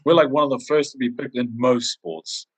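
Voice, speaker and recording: A man's voice: mid-range voice, steady tone, moderate pace, slightly rough. A man co-hosting a podcast, chatting casually and acting out quoted voices as he tells stories. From Samoan heritage. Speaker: podcast co-host. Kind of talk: casual chat.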